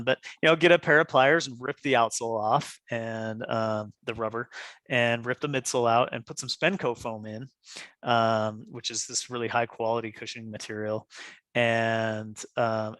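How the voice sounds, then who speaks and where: Podcast guest: man, mid-pitched, animated storyteller, dry close sound. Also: dry recording. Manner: animated, laughs often, acts out quoted dialogue. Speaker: podcast guest, running shoe designer. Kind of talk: casual storytelling.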